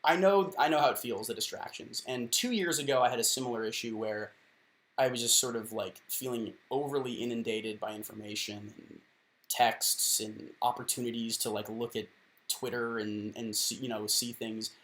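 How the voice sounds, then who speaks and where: A man's voice: medium pitch, moderate pace, fairly bright tone. A man in his thirties giving casual advice to the camera, rambling and self-deprecating, full of fillers and restarts. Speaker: advice column host.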